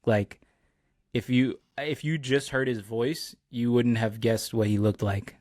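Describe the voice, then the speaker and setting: A man's voice: mid-range voice, unhurried, dry recording, studio quality. A man hosting a podcast, chatting casually and telling stories with lots of "like" and "bro". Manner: relaxed storyteller, many "like" and "bro" fillers. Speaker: podcast host. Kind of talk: casual chat.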